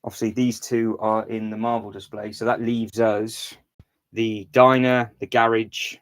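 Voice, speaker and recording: A man's voice: on the low side, little pitch movement, unhurried, poor audio. A man hosting a casual livestream, thinking aloud while rearranging a build, rambling with restarts and fillers. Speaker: livestream host. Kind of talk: casual live-stream chat while building.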